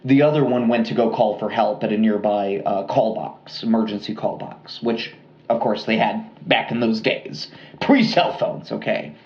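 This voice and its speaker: A man co-hosting a podcast, telling a true-crime story in a casual, relaxed way with lots of fillers and asides. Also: fairly low pitch, reverberant, muffled recording. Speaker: podcast co-host.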